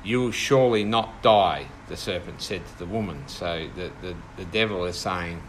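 A man's voice: deep voice, moderate pace, slight background noise, poor audio. A man leading an informal Bible study with a small group, thoughtful and hesitant, with many fillers and restarts.

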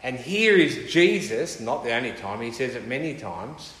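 A man's voice: medium pitch, big pitch swings, moderate pace, fairly bright tone. Guy preaching a sermon, emphatic, lots of questions, echoey hall. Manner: emphatic, asks rhetorical questions. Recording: echoey hall with long reverb.

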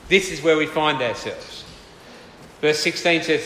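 A man's voice: a little high, a little slow, fairly bright tone, slight background noise. An older man preaching a sermon in a loose, conversational way, with asides to the congregation. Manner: conversational, with asides and repeated phrases. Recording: echoey hall with long reverb.

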